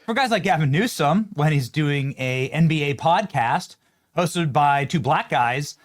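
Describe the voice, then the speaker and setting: A man from Iowa hosting a political interview, lively and incredulous. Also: a little high, a little slow. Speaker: show host.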